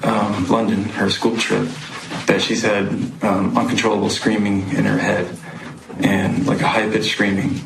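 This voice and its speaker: Guy on the witness stand, low flat gravelly voice, lots of ums, echoey noisy courtroom recording. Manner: halting, with many pauses and fillers. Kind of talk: court testimony.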